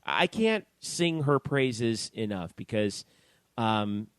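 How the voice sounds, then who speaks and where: A man's voice: fairly low pitch, very animated, slow, fairly bright tone, smooth, no echo. A man co-hosting a sports podcast, chatting casually and chiming in with his own takes. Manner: chatty, interjecting. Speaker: podcast co-host.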